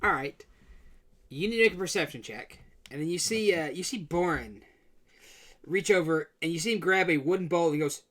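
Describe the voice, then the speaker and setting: A man's voice: a little high, fairly quick, a bit bright. A man narrating as game master in a casual tabletop session.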